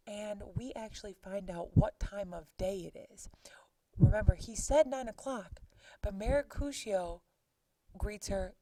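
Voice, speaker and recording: A woman's voice: mid-range voice, measured pace, vocal fry, dark tone, no echo, recorded from a distance, low-quality recording. A woman teacher casually retelling a play scene, chatty with exclaimed asides to her students. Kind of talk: casual lesson summarizing a play.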